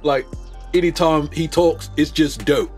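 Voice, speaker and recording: A man's voice: on the high side, a little slow, a little mellow, soft background music. A man hosting a podcast, riffing loosely about movies with jokes, slang and restarts. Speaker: podcast host. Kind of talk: casual movie commentary.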